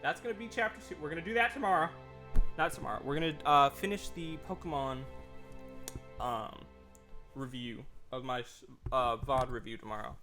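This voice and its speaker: A young man streaming a game live, talking excitedly and nervously and swearing often. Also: medium pitch, normal speed, faint music behind. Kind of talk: live gameplay commentary.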